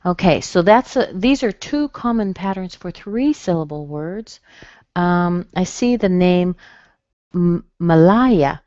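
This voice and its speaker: Lady teaching pronunciation online, slow careful syllables, kinda dull dry audio. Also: on the low side, warm tone, no echo. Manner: slow, careful, over-enunciated demonstrations of stress. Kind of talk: webinar lesson.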